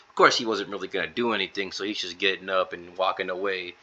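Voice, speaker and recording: A man with a very bright, forceful voice pitched a little low talks through a game-versus-manga comparison. He keeps it loose and chatty, stringing quotes together with "he's like," ums and uhs. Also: brisk, few pauses, dull audio. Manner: retells scenes in a loose run of "he's like" quotes, with fillers. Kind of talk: casual commentary video.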